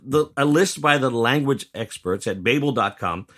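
Husky man, playful. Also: mid-range voice, expressive, normal speed, a bit bright. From Tennessee, USA. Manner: joking, playful asides. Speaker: podcast co-host. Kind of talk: news banter podcast.

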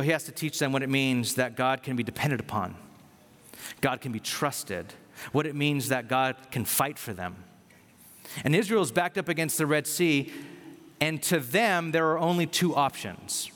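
A man preaching a sermon with a fairly high voice that leaps up and grows loud when he acts out quoted voices. The recording carries a long reverb tail, like a large hall. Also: normal speed. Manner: animated preaching, acting out quoted voices with loud pitch jumps. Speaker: pastor.

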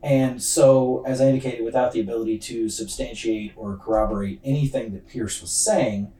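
A man's voice: mid-range voice, steady tone, normal speed, dark tone. Casual man telling a true-crime story. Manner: rambling, loose slang, frequent fillers. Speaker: podcast host. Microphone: laptop's built-in mic. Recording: distant roomy computer-mic recording.

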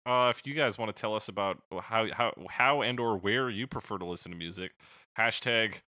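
Bright-voiced joking male podcast host. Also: fairly low pitch, brisk, no echo, studio quality. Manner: jokey, laughing, loose wrap-up patter. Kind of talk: casual podcast chat.

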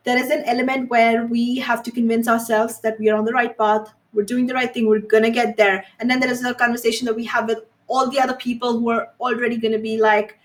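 A woman hosts a podcast and asks her guest thoughtful questions. Her voice sits a little high, and she sounds slightly distant from the microphone. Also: flat delivery, fast, hardly any pauses. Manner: thoughtful, sums up the guest's points. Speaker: podcast host. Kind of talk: interview questions, casual chat.

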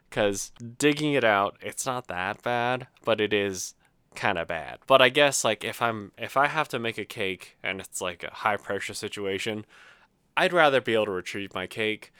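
Male solo host, low-ish and clear, self-mocking venting monologue. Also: animated, normal speed, a bit bright, no room sound, studio quality.

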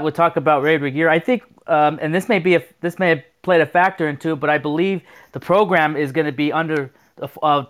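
A man co-hosting a sports talk show, chatty and self-deprecating, reading out news items with some stumbles. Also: a little high. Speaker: co-host.

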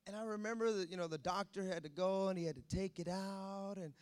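A man preaching a sermon in a lively, joking, conversational way. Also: high-pitched, fairly quick. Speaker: pastor.

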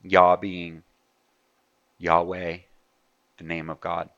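A man's voice: low voice, monotone, takes it slowly, a bit bright, no room sound, muffled recording. A man preaching a sermon in a conversational way, asking his listeners rhetorical questions. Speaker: pastor.

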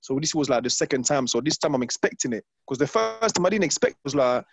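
A man from London, a former footballer, telling stories in an interview, animated and repeating phrases as he acts out his past self. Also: medium pitch, fast, gravelly, slightly rough, no echo. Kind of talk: casual interview storytelling. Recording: dull lo-fi dry sound.

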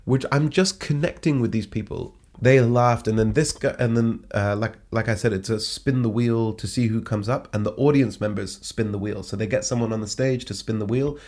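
A man's voice: normal speed, few pauses. Man telling a comedy story. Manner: animated, jumps pitch to act out quoted lines. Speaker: stand-up comedian. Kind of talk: casual anecdotal storytelling.

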